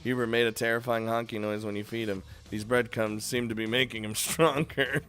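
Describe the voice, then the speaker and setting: A man's voice: medium pitch, steady tone, a little fast, a bit bright, faint music behind. A man giving casual game commentary with laughing, self-deprecating asides. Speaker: gaming commentator.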